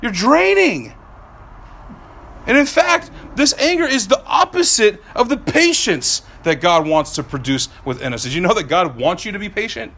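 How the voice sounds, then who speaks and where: Man, sermon, high voice, forceful tone, animated delivery. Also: normal speed, hardly any pauses. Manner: animated, swinging from soft to loud. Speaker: pastor.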